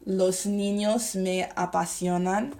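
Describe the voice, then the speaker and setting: A young woman teaching a grammar lesson, talking slowly and deliberately while writing on a board and spelling things out. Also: medium pitch, steady tone, a little mellow. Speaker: Spanish teacher.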